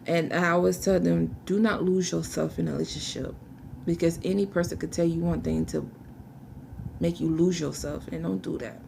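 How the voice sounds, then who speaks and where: Gravelly-voiced young woman, halting testimony. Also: fairly low pitch, a little mellow, a little hiss or hum. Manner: halting, searching for words, restarts. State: fighting back tears. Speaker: vlogger telling her life story. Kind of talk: emotional personal testimony.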